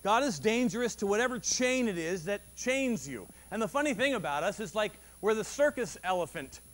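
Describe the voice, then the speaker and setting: Pastor guy giving a sunday sermon, pretty high voice, chatty and animated, restarts a lot, ramps up when he makes a point. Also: a little fast. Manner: animated and conversational, with frequent restarts and rising emphasis. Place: church service.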